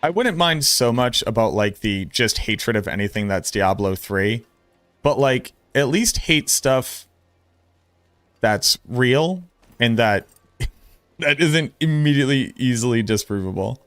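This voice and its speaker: A man streaming, giving casual commentary in a blunt, excitable way and swearing freely. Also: medium pitch, a little slow, dry recording.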